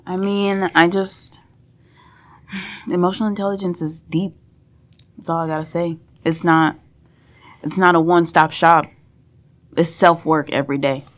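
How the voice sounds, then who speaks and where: A woman's voice: fairly low pitch, steady tone, a little slow, long pauses. A woman co-hosting a podcast in casual chat, earnest and advice-giving, laughing often. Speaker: podcast co-host.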